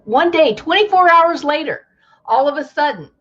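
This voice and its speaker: Brief: high-voiced woman vlogger, slow and expressive, acts out quotes with dramatic pauses. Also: lo-fi sound. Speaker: travel advisor vlogger. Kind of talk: casual monologue commentary.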